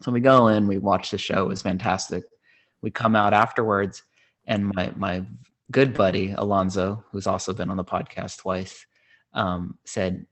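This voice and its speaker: A man's voice: low-pitched, flat delivery, normal speed. A man in his thirties, a podcast host, telling a personal story in a rambling, casual way with many fillers and restarts. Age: 30s.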